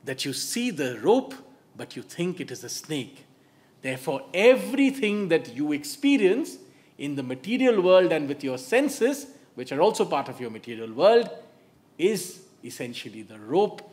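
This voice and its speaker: A male author giving a public talk, telling stories in an animated way and dropping to soft asides. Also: on the high side, moderate pace. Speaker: author and speaker.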